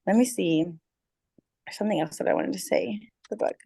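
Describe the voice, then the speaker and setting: A woman's voice: mid-range voice, sing-song, moderate pace, gravelly, mellow, breathy edge. A woman on a group call, speaking earnestly and emphatically, repeating words for stress. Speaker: book club member about to host an event. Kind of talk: casual call sharing. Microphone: video call.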